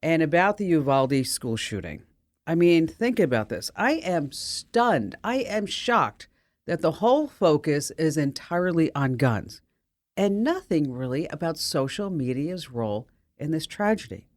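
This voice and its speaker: Woman, radio show host, animated pitch, dry studio sound, energetic, emphatic. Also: moderate pace, dry recording. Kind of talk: radio talk show monologue.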